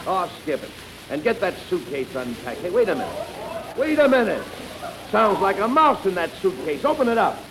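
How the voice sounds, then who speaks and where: Straight man, 1940s radio comedy, high lively voice, gravelly, heavy broadcast noise. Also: crowd noise. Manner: scolding, brisk straight man. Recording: noisy old radio broadcast.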